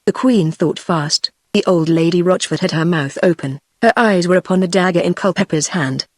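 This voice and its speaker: A text-to-speech voice of a woman with a British accent, narrating an audiobook in an even, measured way. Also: on the low side, no room sound, clean studio sound. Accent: British English. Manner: even, measured synthetic delivery.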